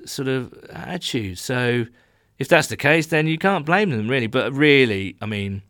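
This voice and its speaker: In a small room at home, a man co-hosts a relaxed sports podcast, telling rambling stories and laughing freely. His mid-range voice is expressive and a bit bright, at a moderate pace. The sound is dry and studio quality.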